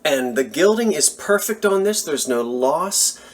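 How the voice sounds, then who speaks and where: A man from the Philadelphia area enthusiastically shows off antique finds from a thrift haul in a casual show-and-tell vlog. He's animated and chatty, full of asides, speaking at a measured pace in a fairly high voice.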